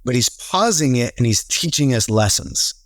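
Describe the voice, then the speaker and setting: A man in a casual podcast conversation, telling stories with animated quoted voices. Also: medium pitch, normal speed, dry recording, clean studio sound. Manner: animated storyteller, acts out quotes. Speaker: real estate team leader, podcast guest.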